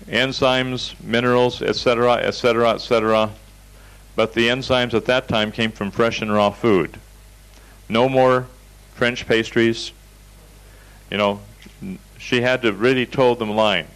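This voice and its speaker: A man's voice: medium pitch, a bit bright, poor audio. A man teaching a seminar over slides, telling folksy anecdotes in a direct, storytelling way. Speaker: seminar instructor.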